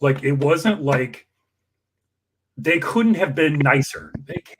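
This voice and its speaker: A man telling a long personal anecdote in an emotional, animated way, acting out the people in it. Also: on the high side, unhurried, slightly rough. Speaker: campaign worker guest. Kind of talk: storytelling anecdote.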